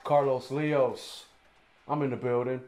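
A man's voice: medium pitch, flat delivery, a little slow, a little mellow, a little hiss or hum. A man chatting as a podcast guest, laid-back and full of easy fillers. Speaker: guest, musician and actor. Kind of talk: casual chat.

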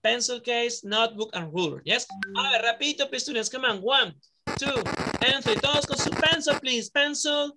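A woman's voice: fairly high pitch, fairly quick, noisy background. A woman English teacher from Peru with a Peruvian Spanish accent, leading an online class for young children with upbeat praise and word drills. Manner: upbeat, praising, counting students in and drilling words. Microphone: video call.

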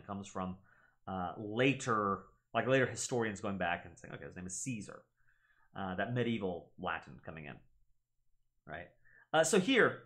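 A man's voice: on the low side, fairly bright tone. A man hosting a gaming channel, giving a casual explanatory lesson on pronunciation and repeating words aloud to demonstrate them. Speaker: gaming channel host teaching Latin.

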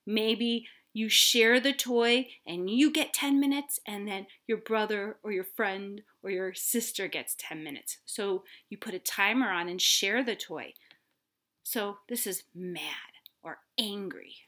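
A woman teaching preschoolers about feelings, patient and coaxing, asking the children questions. She often drops into a soft whisper and then comes back with gentle emphasis. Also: medium pitch, slow pace. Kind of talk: gentle lesson for young children.

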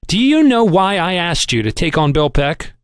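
A man's voice: high-pitched, big pitch swings, normal speed, clear, resonant tone, dry recording, clean studio sound. A man voicing a crusty, shrewd old shipping magnate who barks and chirps by turns, in an audiobook reading. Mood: scolding. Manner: barking, chirpy and teasing by turns.

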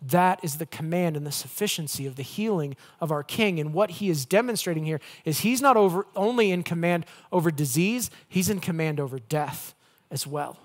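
A male pastor preaching a conversational sermon with playful asides, swinging between loud emphasis and hushed, gentle lines. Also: a little high, moderate pace.

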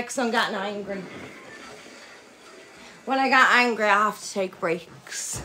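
A young woman livestreams a game and chats casually with her viewers, swearing freely and shrieking when things go wrong. Her medium-pitched voice is unhurried and sharp-toned, with slight background noise.

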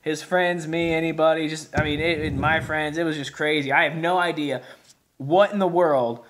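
A man talks through a beer review in a loose, folksy ramble, circling back with plenty of fillers and restarts. His voice sits slightly higher than most men's. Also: steady tone, normal speed, fairly bright tone, slight background noise. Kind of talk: casual video review.

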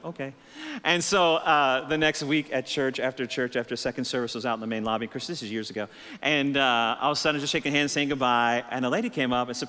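A middle-aged man preaching a sermon as senior pastor, telling stories with lively rhetorical questions. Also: mid-range voice, a little fast. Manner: animated storytelling, rhetorical questions. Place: church sanctuary. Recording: church hall reverb.

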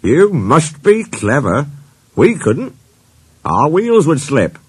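Man voicing a gentle old engine. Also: a little high, wildly swooping pitch, slow, slightly rough, no room sound, pitched above the performer's own voice, heavily acted. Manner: gentle, protective. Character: old, kindly male engine.

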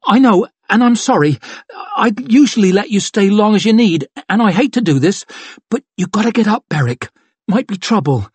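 A man's voice: high voice, lively intonation, normal speed, slightly rough, no room sound, pitched above the performer's own voice. A man voicing a tough, wounded young woman thief who talks through strained, hidden pain. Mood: gritty.

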